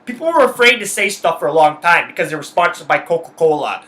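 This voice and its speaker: This young male podcast host talks fast in a fairly high, sing-song voice with a bright, forceful tone. Alone on the mic, he rants in anger, swears heavily, and drives his points home emphatically.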